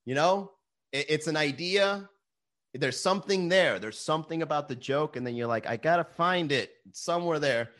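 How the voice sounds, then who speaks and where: A man's voice: a little high, normal speed. A man hosting his own daily livestream as a comedian, swearing often and reading viewer comments aloud. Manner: animated, swears often, reads chat aloud. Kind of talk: profane casual livestream chat.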